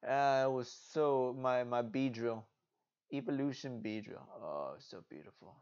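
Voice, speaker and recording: A sleepy card game video host rambles playfully late at night, talking to himself as he browses. His mid-range voice has a darkish tone and a measured pace, and the lo-fi recording sounds dull.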